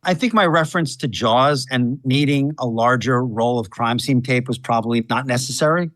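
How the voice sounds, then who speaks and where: A man's voice: mid-range voice, fairly bright tone, no room sound. Dry, storytelling man, a defense lawyer. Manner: storytelling, measured. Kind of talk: interview answers.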